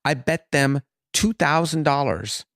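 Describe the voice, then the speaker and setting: A man's voice: fairly high pitch, a little slow, fairly bright tone, no room sound, clean studio sound. A man voicing a boastful professional gambler who smugly warns that he never loses. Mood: cocky boast. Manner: smug, warning tone. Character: boastful male professional gambler, adult, cocky.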